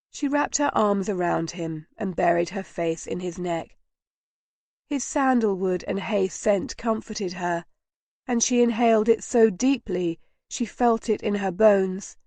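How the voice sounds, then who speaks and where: A woman narrating an audiobook in a slow, even, soft reading. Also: mid-range voice, dry recording. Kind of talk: scripted narration.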